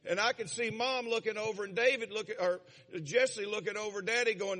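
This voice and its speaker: High voiced pastor telling a bible story, acts out all the parts, big echoey church. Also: male voice, fairly quick, few pauses. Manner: animated, dramatizes scenes with voices. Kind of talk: sermon storytelling. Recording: long reverb of a large hall.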